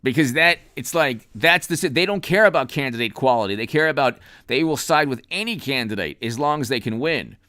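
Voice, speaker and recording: A man hosts a political commentary stream off the cuff. His smooth, resonant voice sits at an ordinary pitch, and he rambles and stresses points emphatically. The sound is dry and close. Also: lively intonation, brisk, few pauses, pushed and bright, no room sound. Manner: rambling, emphatic, with frequent restarts; reads out viewer names and thanks them. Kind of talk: unscripted political commentary livestream.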